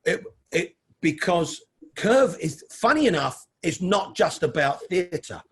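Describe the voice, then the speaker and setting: A middle-aged man from London, guesting on an interview, tells casual stories and chats away, calling the host "mate." He speaks slowly in a high-pitched, sing-song voice with a breathy edge.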